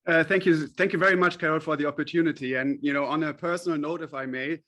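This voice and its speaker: A man's voice: on the high side, fairly even intonation, fast, bright, forceful tone. A man, a company chief executive, guest on a radio interview, explaining at length in a friendly way with frequent fillers.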